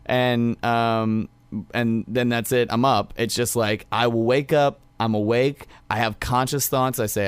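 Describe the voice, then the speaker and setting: A man's voice: medium pitch, steady tone, moderate pace, clear, resonant tone, no echo. A young man telling a rambling story in casual chat, full of fillers.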